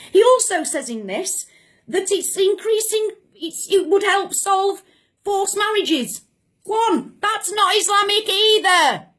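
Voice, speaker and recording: Furious woman, very high voice. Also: a bit bright. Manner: impassioned, indignant, repeats phrases for emphasis. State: furious and shaking. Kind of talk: angry political rant to camera.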